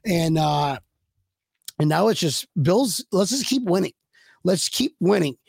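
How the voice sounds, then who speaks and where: A man with a fairly high voice co-hosts a sports fan podcast, rambling and restarting his sentences with hyped-up energy. He breaks into loud laughs and yells now and then. His voice is close and dry, with no room sound around it. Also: lively intonation, unhurried, creaky, breathy edge, dry recording. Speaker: podcast co-host. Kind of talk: excited sports fan chat.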